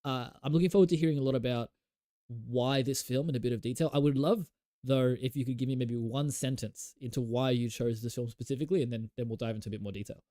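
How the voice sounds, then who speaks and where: A man's voice: mid-range voice, fast, mellow, no room sound, clean studio sound. A man co-hosting a casual film podcast, eager and joking. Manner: enthusiastic, loose and joking. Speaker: podcast co-host.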